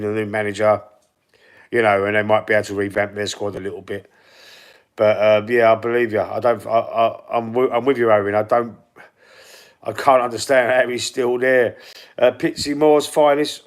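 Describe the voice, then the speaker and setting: A middle-aged man with a London Cockney accent, casually chatting through football predictions on a livestream and reading viewer comments aloud. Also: lowish voice. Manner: chatty, reads out viewer comments and predictions, stumbles and repeats words. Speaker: football channel host reading live chat.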